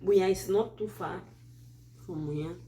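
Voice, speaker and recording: A woman from Cameroon with a Cameroonian English accent, hosting a Christian advice channel and telling a true story in a casual, animated way with many asides. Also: fairly low pitch, slow pace, a little hiss or hum.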